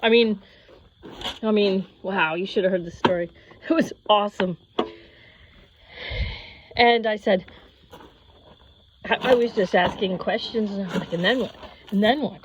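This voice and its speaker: A woman's voice: medium pitch, steady tone, measured pace, long pauses. A woman in her fifties telling a personal story in a casual, rambling way, acting out the voices of people she quotes. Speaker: yoga channel host. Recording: slightly dull lo-fi audio with faint noise.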